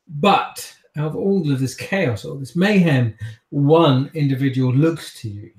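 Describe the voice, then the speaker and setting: A man's voice: on the high side, a little slow. Echoey man narrating a tabletop game. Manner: dramatic, hesitant narration. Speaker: game master.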